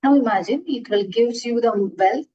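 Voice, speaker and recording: A woman's voice: a little high, normal speed, warm tone, slightly rough, lo-fi sound. A woman teaching astrology in an earnest lecture, restarting and repeating herself often as she explains. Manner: earnest, repetitive, frequent restarts. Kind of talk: classroom lecture.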